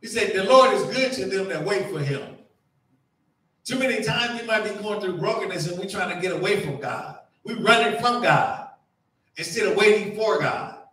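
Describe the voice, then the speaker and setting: Man, high pitch, lively preaching, acts out voices, distant mic, booming church echo. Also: normal speed. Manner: animated preaching, acting out voices, dropping to a hush. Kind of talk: sermon. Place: church sanctuary. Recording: echoey church from far off.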